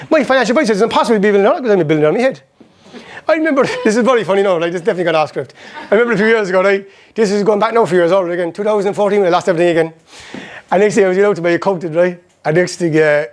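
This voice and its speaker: A middle-aged Irish man giving a motivational seminar talk, telling personal stories in an animated way and acting out old conversations. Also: high-pitched. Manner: rapid, animated storytelling that acts out past conversations.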